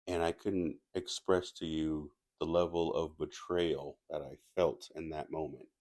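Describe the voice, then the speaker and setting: A man's voice: a bass voice, little pitch movement, measured pace, darkish tone. A man casually telling a personal story as a movie reviewer, rambling with restarts and asides.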